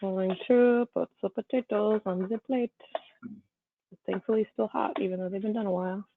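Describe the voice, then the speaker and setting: A woman guest chef chatting casually while plating food, easygoing and quick to laugh. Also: medium pitch, steady tone, vocal fry, background noise. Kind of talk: casual chat while cooking. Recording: thin phone-like sound, dry.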